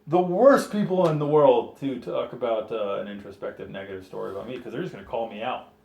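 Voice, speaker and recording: A man's voice: medium pitch, quick pace, creaky, a little mellow. A young man talking candidly and animatedly in a casual podcast chat, laughing and swearing often. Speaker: podcast co-host. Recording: echoey room with faint noise.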